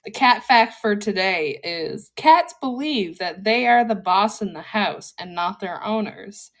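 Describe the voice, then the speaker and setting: A woman's voice: mid-range voice, lively intonation, a little slow. A woman co-hosting a podcast, chatting casually in a laid-back, rambling way and giggling often. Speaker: podcast co-host. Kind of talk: casual chat.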